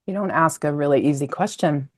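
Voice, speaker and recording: A woman's voice: low-pitched, a little fast. A woman in her fifties from Colorado, a guest telling her story in a rambling, reflective and emotional way. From Colorado, USA. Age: 50s. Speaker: podcast guest, communication coach. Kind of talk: casual interview storytelling.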